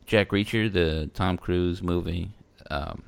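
Deep, gravelly-voiced man chatting on a podcast. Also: takes it slowly. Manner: rambling, loose and self-mocking, with playful put-on quotes. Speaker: podcast co-host. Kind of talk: casual chat.

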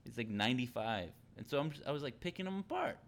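A man's voice: medium pitch, sing-song, quick pace, vocal fry. A young man hosting a casual chat, rambling with lots of fillers and restarts.

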